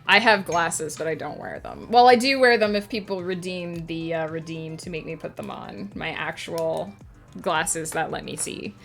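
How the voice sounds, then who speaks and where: A woman's voice: low-pitched, moderate pace, vocal fry, fairly bright tone, faint music behind. A woman streaming a writing session, chatting casually with her audience and answering chat between filler words.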